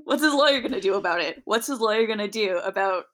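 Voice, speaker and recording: A woman's voice: medium pitch, animated, quick pace. A young adult woman co-hosting a podcast, telling rambling stories full of fillers in casual chat. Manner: rambling, filler-heavy storytelling. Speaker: podcast co-host.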